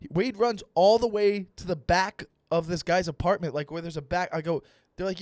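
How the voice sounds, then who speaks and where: A young adult man hosting a comedy podcast, ranting with animated, profane storytelling and acted-out dialogue. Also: high-pitched, fairly quick, no room sound, studio quality. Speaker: comedian host.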